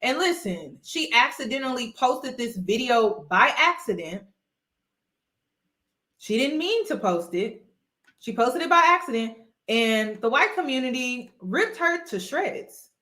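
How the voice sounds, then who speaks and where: Woman vlogger, fairly high voice, echoey room, emphatic, casual commentary. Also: big pitch swings, a little slow, bright, forceful tone. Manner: emphatic, repeats points, addresses viewers as y'all.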